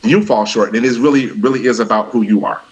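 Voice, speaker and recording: A middle-aged man speaks as a guest on a podcast, telling personal stories in a lively, conversational way. He acts out the voices of the people in his stories and laughs along as he goes. His voice sits at an everyday middle pitch. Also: quick pace, rough recording. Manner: animated storyteller who acts out quoted dialogue, laughs often. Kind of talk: conversational storytelling interview.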